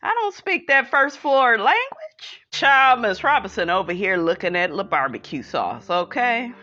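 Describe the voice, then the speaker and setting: A woman's voice: medium pitch, sing-song, moderate pace, pushed and bright, highs cut off. A woman in a casual gossip chat who reads out viewer comments and keeps calling her listeners honey and child.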